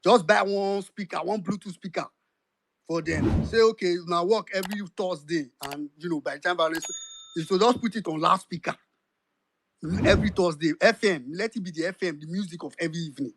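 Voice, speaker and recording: A man's voice: high voice, a little fast, a little hiss or hum. A Nigerian man with a Nigerian accent hosting and moderating a political audio chat, giving directions and slipping into pidgin. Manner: directive, code-switching into pidgin. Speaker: host of an audio chat room.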